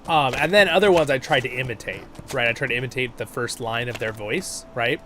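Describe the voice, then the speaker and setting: A man's voice: mid-range voice, fairly quick, background noise. A man hosting a casual game livestream, chatty and laughing, reading out chat messages, with a stuffed-up nose. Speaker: livestream host.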